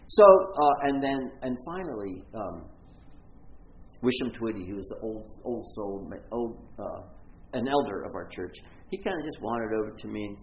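A man's voice: on the low side, expressive, moderate pace, a little hiss or hum. A man preaching, telling a rambling, self-mocking story full of stops and restarts. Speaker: pastor. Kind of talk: storytelling sermon. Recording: echoey, muffled room recording.

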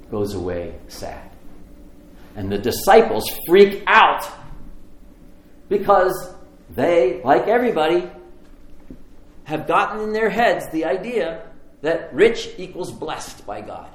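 A man's voice: fairly high pitch, very animated, slow, long pauses. A man preaching a sermon, telling the story with animation and acting out the voices in it. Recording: echoey room with faint ambience.

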